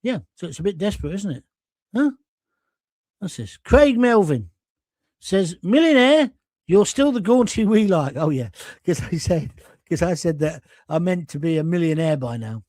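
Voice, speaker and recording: Older bloke doing a live rant show, sarcastic and blunt, highish voice, dry close sound. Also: male voice, big pitch swings, normal speed, darkish tone, dry recording. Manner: blunt, sarcastic, mocking voices in mini-skits. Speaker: host of a live online talk show reading viewer comments. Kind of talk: ranting live-stream commentary.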